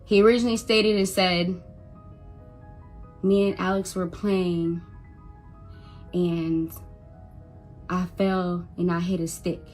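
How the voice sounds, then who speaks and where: A woman's voice: on the low side, level tone, takes it slowly, pauses often, a little mellow, soft background music. A young adult woman, a mother, telling an emotional first-person story, stuttering and repeating words when upset and quoting others as she goes.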